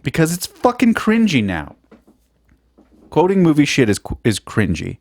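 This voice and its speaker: A young man hosts a solo podcast, swearing his way through loose, self-mocking rambles. His pitch swings widely as he talks. The recording is dry and close, with no room sound. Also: huge pitch swings, moderate pace, darkish tone, no echo. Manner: sweary, self-mocking, jumps between topics. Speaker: podcast host.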